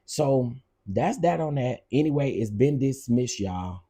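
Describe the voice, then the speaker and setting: A man's voice: medium pitch, unhurried, few pauses, mellow, slightly rough, no room sound, clean studio sound. A man hosting a casual commentary show, sassy and gossipy, laughing often and repeating lines for effect.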